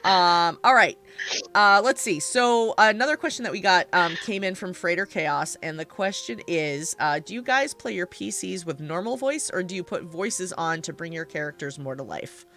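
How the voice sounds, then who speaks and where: A woman hosting a casual panel chat, reading questions out and giggling between them. Her voice is bright and forward, her talk loose and full of fillers. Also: fairly low pitch, lively intonation, moderate pace. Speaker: host.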